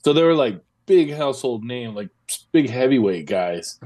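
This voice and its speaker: A man in his thirties talking loosely on a casual podcast, his voice sitting at an ordinary middle pitch. He rambles and restarts, full of fillers and curse words. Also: very animated, normal speed, mellow, no echo. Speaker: podcast co-host. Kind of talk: casual chat.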